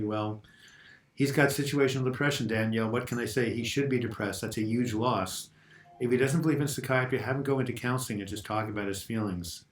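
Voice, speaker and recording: A man's voice: mid-range voice, a little fast. A man in his sixties with a cold, hosting a casual live Q&A on a lapel mic, chatting as he reads out viewers' comments and answers them. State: getting over a cold. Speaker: host of a mental health Q&A. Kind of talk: casual live video chat. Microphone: lavalier mic.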